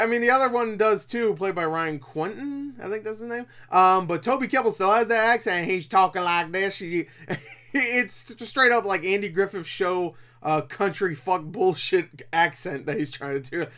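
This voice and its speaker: A man's voice: sits high, fairly bright tone. A man giving a casual, rambling spoken film review, swearing and laughing often, with frequent restarts. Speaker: movie reviewer.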